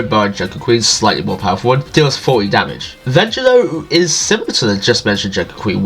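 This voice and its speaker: Quick, lively nasal man narrating a game guide. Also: medium pitch, husky. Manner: jokey and self-deprecating. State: stuffy from allergies. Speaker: video game guide creator. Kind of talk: scripted gaming guide voice-over.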